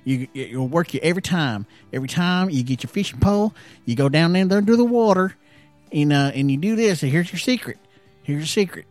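A man telling a comic story in a loud, animated, emphatic way, laughing at his own punchlines. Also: fairly high pitch, a little fast, faint music behind. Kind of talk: stand-up storytelling.

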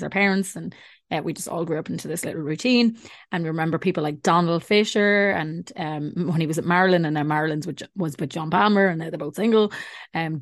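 A woman's voice: fairly low pitch, dry recording, studio quality. A young Irish woman hosting a podcast, talking in a chatty, rambling way full of fillers. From Ireland. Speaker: podcast host. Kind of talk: casual podcast intro and chat.

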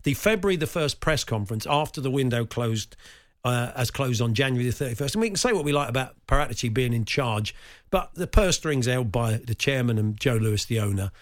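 Man, radio sports host, casual football chat, wry, mid-pitched voice. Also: animated, brisk. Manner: chatty, wry, thinks aloud.

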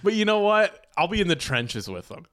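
A man co-hosting a casual comedy podcast, with a fairly high voice that swings widely in pitch. He jokes about himself and keeps losing the thread mid-sentence. The banter is loose and unscripted. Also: sing-song, a little fast, fairly bright tone. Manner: jokey, self-deprecating, trails off mid-thought. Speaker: podcast co-host.

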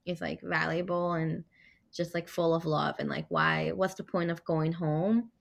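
A woman's voice: deep voice, fairly even intonation, a little slow, gravelly. A young woman in her twenties, a medical student guest, chatting casually with many fillers and acting out quoted remarks. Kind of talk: casual conversation.

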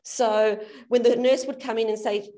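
A woman's voice: on the high side, fairly even intonation, normal speed, warm tone. A middle-aged woman co-hosting a podcast who speaks in an earnest, reflective, conversational way. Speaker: podcast co-host.

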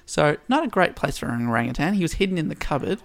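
Gravelly man retelling a story. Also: fairly high pitch, very animated, fast. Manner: retells a plot with dry asides and laughs. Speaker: podcast host. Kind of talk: casual podcast storytelling.

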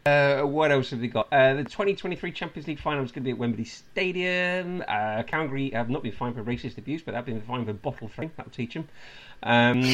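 A man hosts a casual football podcast, working through a list of news items. His voice sits at a middle pitch, and he laughs lightly and drops dry remarks between the headlines. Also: brisk, fairly bright tone. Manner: reads news items with chuckles and asides. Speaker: podcast host.

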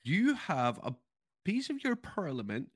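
A man's voice: fairly high pitch, wildly swooping pitch, a little slow, breathy edge. A man co-hosting a podcast, teasing the others in casual chat. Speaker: podcast co-host.

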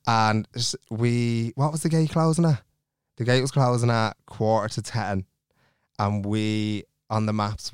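A young Irish man with a Dublin accent, co-hosting a podcast and retelling a travel mishap in a rapid, animated way, quoting everyone and swearing freely. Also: on the low side, clear, resonant tone, no echo, studio quality. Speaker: podcast co-host. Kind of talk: casual storytelling chat.

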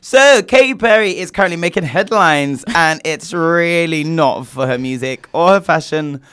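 A man's voice: on the high side, normal speed, fairly bright tone, clean tone. A man, co-hosting a casual gossip chat with sassy, teasing asides. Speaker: podcast co-host.

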